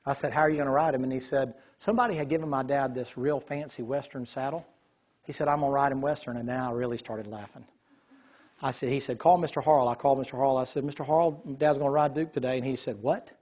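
A man telling a lively story in a sermon, acting out the voices of the people in it. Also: medium pitch, quick pace. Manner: animated storyteller, quotes voices.

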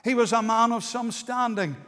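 A man's voice: extremely high pitch, moderate pace, fairly bright tone. A man preaching an earnest, pleading evangelistic sermon in a meeting hall, dwelling on key words. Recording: long hall reverb.

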